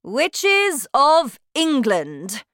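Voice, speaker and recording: A woman voicing a cruel, bossy female witch leader who shouts her orders with scorn, in a storybook reading. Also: high voice, wildly swooping pitch, very slow, no room sound, clean studio sound, voice pushed up, heavily acted. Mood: scornful, commanding. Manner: shouting, commanding, contemptuous.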